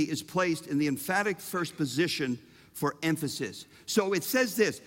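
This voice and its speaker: A man preaching a sermon, emphatic and humorous, with dramatic pauses. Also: high voice, animated, fairly bright tone. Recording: reverberant hall.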